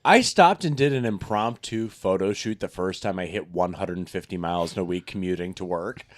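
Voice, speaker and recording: A man's voice: deep voice, fairly quick. A man co-hosting a casual cycling podcast chat, joking and poking fun at himself. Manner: animated, self-mocking, jokey. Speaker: podcast co-host.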